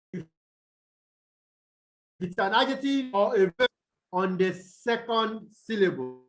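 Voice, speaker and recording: A man's voice: sits high, fairly bright tone, rough recording. A man from Nigeria teaching an online English lesson, asking the class questions and checking in with "okay?" again and again. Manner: checks in often with "okay?" and "the what?". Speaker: English tutor. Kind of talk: online tutorial on stress rules. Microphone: video call.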